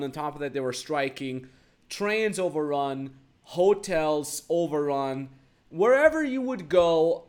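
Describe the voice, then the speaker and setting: A business coach hosts his podcast in a motivational rant, with a man's voice that sits a little high. He builds his points by piling up repeated phrases. His volume jumps from quiet, confiding asides to loud, emphatic bursts.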